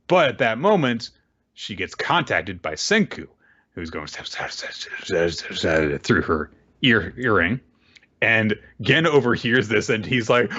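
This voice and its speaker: A man's voice: on the low side, lively intonation, takes it slowly, sharp tone. A man recapping a manga chapter in a casual chat and acting out the characters' lines with animation. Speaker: podcast co-host. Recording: dull lo-fi audio.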